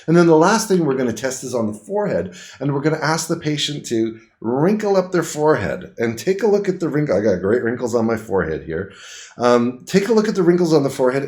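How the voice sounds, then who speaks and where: A middle-aged man teaching a paramedic exam, his pitch rising and falling a lot as he explains each step. He speaks in plain, everyday words. He stops now and then to show the moves himself. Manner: lively, plain-spoken teaching with quick demonstrations. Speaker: paramedic instructor. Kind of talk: demonstrating a clinical exam on camera.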